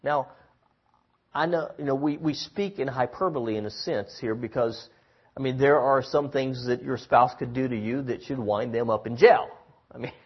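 A man's voice: mid-range voice, moderate pace, husky, highs cut off. A man giving a sermon as a pastor, talking in a casual, conversational way with lots of fillers and restarts.

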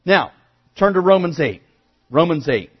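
A male pastor preaching a sermon, moving from quiet asides to emphatic raised declarations. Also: fairly high pitch, lively intonation, measured pace, breathy edge, muffled recording.

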